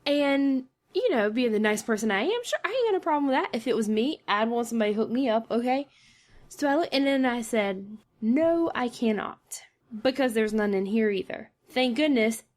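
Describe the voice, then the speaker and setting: A woman with a slightly high voice tells a story on a home podcast. Her throat is scratchy and she coughs now and then. She talks in an animated, exasperated way. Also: brisk. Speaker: podcast co-host. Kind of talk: casual storytelling.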